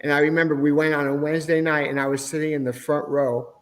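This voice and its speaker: A man's voice: fairly high pitch, little pitch movement, quick pace. A middle-aged man, a podcast guest, telling his personal faith testimony in an earnest, emotional way. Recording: long hall reverb.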